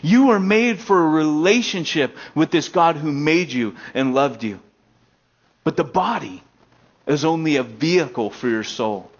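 A young American man preaching a casual storytelling sermon, animated, with loud excited bursts and quiet stretches. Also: a little high, unhurried. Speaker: pastor. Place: elementary school meeting room. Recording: dull lo-fi sermon recording.

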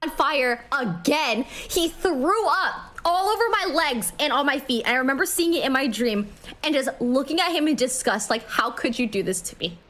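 A woman's voice: high voice, animated, normal speed, fairly bright tone. A young woman in her twenties, a streamer dramatically recounting a dream in casual chat.

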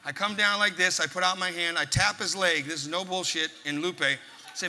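A man's voice: high voice, steady tone, a little fast, vocal fry, sharp tone, slight background noise. A man giving a motivational speech at an event, telling a punchy story and driving his points home with force. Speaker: motivational speaker. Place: large event hall. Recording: echoey hall, faint crowd ambience.

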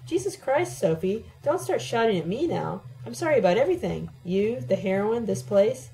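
A woman's voice: mid-range voice, lively intonation, fairly quick, warm tone, soft background music, close to an everyday voice, low-quality recording. A woman reading the part of an exasperated young man who presses with blunt questions, in an audiobook.

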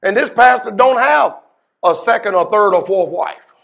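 A man with a notably high voice leads a workshop sermon as pastor, addressing a gathered congregation indoors. He peppers his preaching with questions to the room. His delivery swings from quiet, confiding asides to loud, emphatic bursts. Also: lively intonation, normal speed, gravelly.

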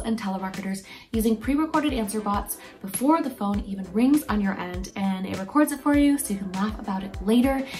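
Wesoła kobieta czytająca reklamę, lekko z oddali. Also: female voice, mid-range voice, darkish tone, far from the mic. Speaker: host reading a sponsor message. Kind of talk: upbeat scripted ad read.

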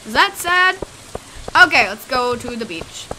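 A woman's voice: fairly high pitch, sing-song, measured pace, bright, forceful tone, slight background noise. A young woman giving goofy, chatty let's play commentary, full of exclamations. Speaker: gamer.

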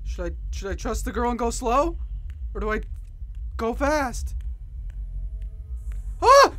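High, panicky woman gamer. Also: lively intonation, moderate pace. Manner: panicky, swearing, screaming reactions. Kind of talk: let's play commentary.

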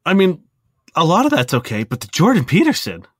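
A man's voice: fairly high pitch, wildly swooping pitch, fairly quick, a bit bright, breathy edge, no echo, clean studio sound. A man co-hosting a podcast in casual chat, talking emphatically and laughing easily. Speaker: podcast co-host.

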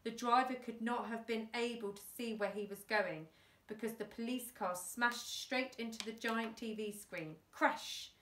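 A woman teacher reading a children's book aloud, animated and with chatty asides. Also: a little high, normal speed. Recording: roomy room, distant mic.

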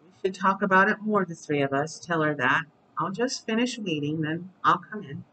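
A storybook reader voicing an elderly, gentle pioneer widow in a read-aloud. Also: medium pitch, lively intonation, normal speed, a little hiss or hum, low-quality recording. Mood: kindly.

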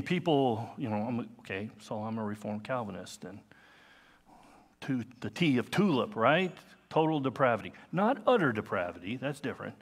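A man in his fifties preaching a sermon as pastor, earnest and conversational, with personal asides. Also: fairly low pitch. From United States. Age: 50s.

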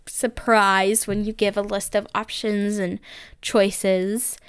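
On her casual solo podcast, the young host gushes and chats freely, leaning heavily on "like" and "um." Her voice is a little high, clear and resonant, captured in a dry, studio-quality recording.

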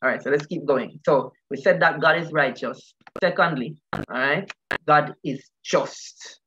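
A man teaching a Bible study as pastor, with a bright, forceful voice that often repeats itself as he puts questions to his listeners. His voice reaches us through dull, lo-fi online call audio. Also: fairly high pitch, unhurried, a little hiss or hum. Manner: repeats words, asks the group questions.

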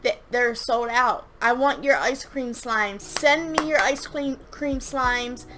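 Over a noisy background, a young woman speaks slowly in a highish voice as she reviews a product. She's a slime reviewer and shop owner, and her casual chat rambles and gushes, with many restarts and fillers.

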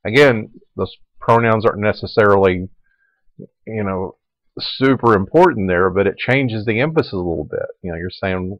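Male Latin teacher, low voice, relaxed lecture delivery, dry recording. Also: brisk, no room sound, muffled recording. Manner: relaxed explaining, repeating forms aloud.

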